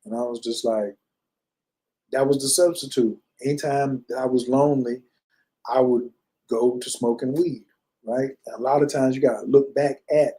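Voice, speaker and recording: A man in his fifties tells his own story in a loose, rambling, conversational way, leaning on fillers as he goes. His voice is mellow and dark, and he speaks at a middling pitch. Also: steady tone, unhurried, poor audio. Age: 50s. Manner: loose, conversational, many fillers and "you know". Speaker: personal storyteller. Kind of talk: casual personal storytelling. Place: lives in Bali.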